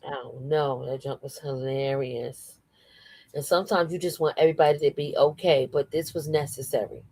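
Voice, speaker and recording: Low-voiced woman chatting dryly. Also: normal speed, husky, dry recording. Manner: laughs often, slangy and expressive. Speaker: podcast co-host, livestreamer. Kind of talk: casual chat.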